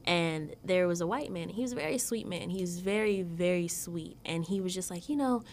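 A woman's voice: on the low side, fairly quick, slight background noise. A woman podcast co-host from the Southern US, telling stories in casual chat and acting out the voices of people in them. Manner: animated storytelling, acts out voices.

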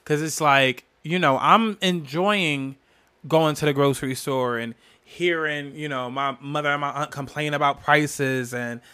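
Emotional, profane man with a bright voice. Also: a little high, measured pace, clear, resonant tone. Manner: emotional, profane and animated, with bursts of excitement. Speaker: podcast host. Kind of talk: candid solo podcast storytelling.

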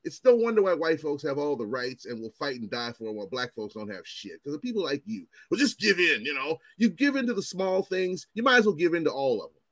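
A man in his forties telling stories in casual chat as host, animated and profane, acting out what others said. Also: a little high, quick pace, dry recording. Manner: animated, profane, acts out quotes in raised voices.

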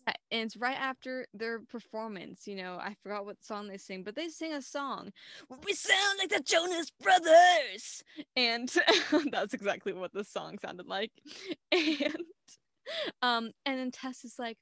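Young female co-host, higher voice, dry close mic, giggly recap with voices. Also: lively intonation, unhurried, fairly bright tone, dry recording. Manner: giggly, acts out lines in playful voices. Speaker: movie review co-host. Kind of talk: casual chat.

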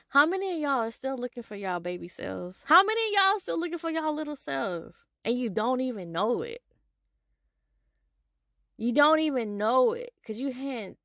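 High-voiced animated woman podcaster. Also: normal speed, no echo, studio quality. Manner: animated, swinging from loud to soft; casual, with profanity and y'all. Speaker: podcast host. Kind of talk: solo motivational podcast monologue.

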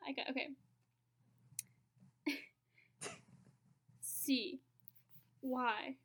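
Playful woman spelling slowly. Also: high voice, steady tone, a bit bright, husky. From Texas, USA. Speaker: podcast co-host spelling in the bee. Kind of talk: casual podcast chat.

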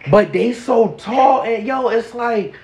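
A man's voice: very high-pitched, slow, over a noisy crowd. A man co-hosting a podcast, talking sports in a slangy, emphatic, casual way. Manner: slangy, emphatic, many restarts. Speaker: podcast co-host. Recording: roomy echo.

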